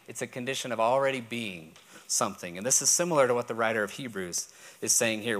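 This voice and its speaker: Bright-voiced Texan pastor teaching. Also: male voice, mid-range voice. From Texas. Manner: explanatory, repeats key points, checks understanding. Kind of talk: sermon teaching.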